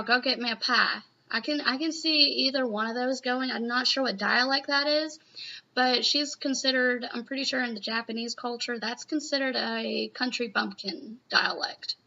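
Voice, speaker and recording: A woman's voice: fairly high pitch, moderate pace, creaky, sharp tone. A woman chatting casually in a live reaction video, rambling and gushing with lots of "you know.". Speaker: manga reaction vlogger. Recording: muffled lo-fi home recording.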